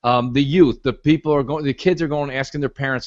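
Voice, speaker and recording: A man's voice: medium pitch, steady tone, brisk, darkish tone. A man hosting an opinionated gaming podcast, making his points in an emphatic, lecturing way. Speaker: podcast host. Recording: dull lo-fi podcast audio.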